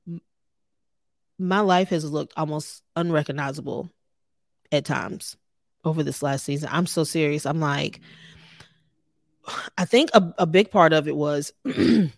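A woman's voice: low voice, darkish tone, dry recording, studio quality. A woman in her thirties hosting a faith podcast, talking earnestly and conversationally to her listeners. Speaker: podcast host. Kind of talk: personal faith podcast talk.

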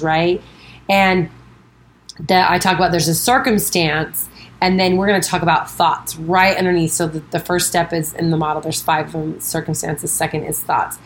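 Chatty low-voiced woman coaching on a podcast. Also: slight background noise, low-quality recording. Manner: chatty, self-talk quotes, frequent "like" and "right?". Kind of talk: casual podcast monologue.

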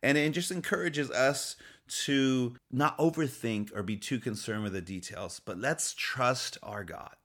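A man's voice: mid-range voice, measured pace, fairly bright tone. A man giving an upbeat, motivational faith talk, encouraging his listeners, repeating key phrases and often chuckling as he speaks.

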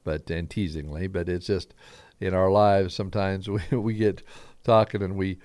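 A man's voice: deep voice, steady tone, normal speed, a little mellow, no room sound. A middle-aged man from Southern Idaho with a slight Southern twang, preaching a folksy, rambling, earnest radio sermon as a pastor.

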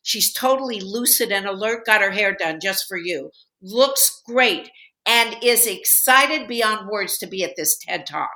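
A doting mother in a comedy sketch who chatters and pushes her way. Her voice is bright, at a middle pitch. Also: lively intonation, unhurried. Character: doting, pushy middle-aged to older mother.

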